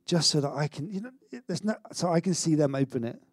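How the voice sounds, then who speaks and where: A middle-aged man preaching a sermon in an energetic, conversational way, with stammered restarts and self-mocking humour. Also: fairly high pitch, quick pace, dry recording, studio quality. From Wales. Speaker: pastor.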